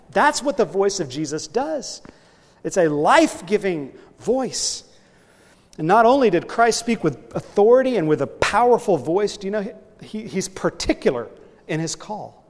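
A male pastor preaching an earnest sermon, his voice swelling loud on key points and then dropping low. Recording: long hall reverb.

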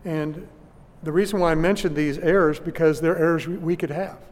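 A man preaching a sermon, teaching church history deliberately with frequent restarts, recorded in a church hall. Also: a little high, steady tone, darkish tone. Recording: long hall reverb.

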